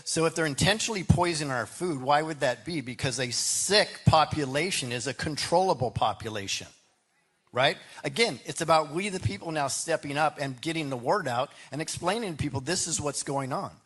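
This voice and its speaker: A man's voice: a little high, a little fast, a bit bright, husky. A man gives a debate answer in a loose, rambling way. He restarts his sentences and keeps tossing in "right?" to the crowd. His voice sits a little above the usual male range. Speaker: political candidate.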